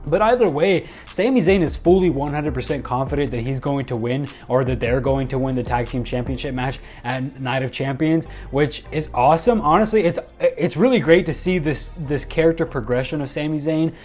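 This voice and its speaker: Male reviewer, slightly high voice, excitable rambling recap, faint music underneath. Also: fairly quick. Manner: excitable, rambling with frequent restarts. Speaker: wrestling show reviewer. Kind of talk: casual spoken recap.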